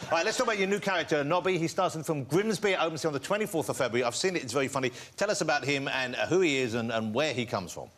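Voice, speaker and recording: A man hosting a chat show, briskly introducing a film and a trailer. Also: a little high, a bit bright. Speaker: talk show host. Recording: studio audience and noise.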